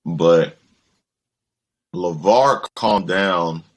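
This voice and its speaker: Low-voiced young guy on a podcast, gets animated telling stories, swears a lot. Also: extremely slow. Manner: animated storyteller, mimics people in quotes, swears freely. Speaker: podcast co-host. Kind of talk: casual chat.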